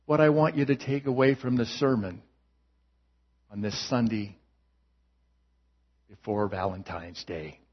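A male pastor preaching a sermon in a slow, measured way with gentle humor. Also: mid-range voice, muffled recording.

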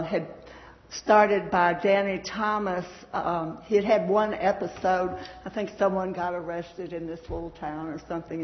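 A middle-aged woman with a Southern US accent, giving a folksy devotional talk with fillers and reading scripture aloud. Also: mid-range voice. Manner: chatty, folksy, with frequent fillers. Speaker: church speaker. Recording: echoey dull hall sound.

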